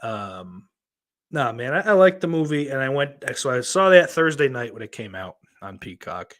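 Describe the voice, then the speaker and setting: A man hosting a solo podcast in a loose, rambling way, cursing constantly and poking fun at himself. His pitch swings widely as he reacts to viewer comments. He sits at a mid pitch for a man. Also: big pitch swings, moderate pace, fairly bright tone. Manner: rambling and heavily profane, self-mocking. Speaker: podcast host.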